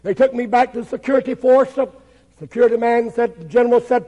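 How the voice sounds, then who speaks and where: A man's voice: very high-pitched, fast talker, warm tone, long reverb tail, rough recording. A man, a pastor, giving an impassioned testimony sermon with dramatic storytelling.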